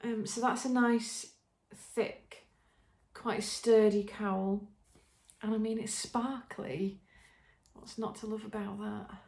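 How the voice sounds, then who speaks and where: A woman's voice: medium pitch, fairly even intonation, takes it slowly, gravelly, darkish tone. An English woman hosting a podcast, chatting casually and enthusiastically with many ums and restarts. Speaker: podcast host showing knitting. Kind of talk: casual show-and-tell chat. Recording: roomy echo.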